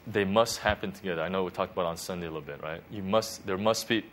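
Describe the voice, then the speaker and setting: A man's voice: low-pitched, fast talker, fairly bright tone, slight background noise. A man giving an informal devotional teaching as a pastor, talking conversationally and checking in often with "you know" and "right?".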